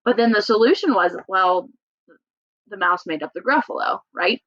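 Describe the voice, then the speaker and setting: A woman's voice: medium pitch, normal speed, fairly bright tone. A woman teacher explaining a lesson casually, chatty, with fillers and self-corrections. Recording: dull lo-fi recording.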